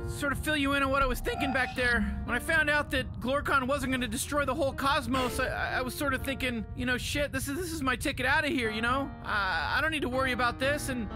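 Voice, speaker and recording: A man's voice: very high-pitched, fast talker, few pauses. A man voicing a small, hot-tempered male alien monster who swears constantly and rambles in stammering outbursts in game dialogue. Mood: earnest. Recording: game audio under loud music. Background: loud game music.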